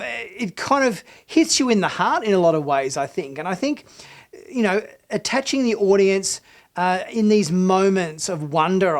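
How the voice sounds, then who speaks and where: High-voiced man rambling through a review. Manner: enthusiastic, rambling with many fillers and restarts. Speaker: TV review host. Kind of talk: casual episode review.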